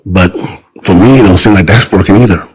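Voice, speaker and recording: Deep husky man, rambling. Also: rough recording. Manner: rambling, repeats phrases, halting restarts. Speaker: guest. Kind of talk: casual interview talk.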